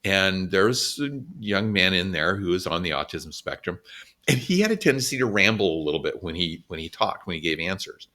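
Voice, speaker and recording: Low-voiced man, lively earnest co-host. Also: a little fast. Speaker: podcast co-host. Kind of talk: casual podcast conversation.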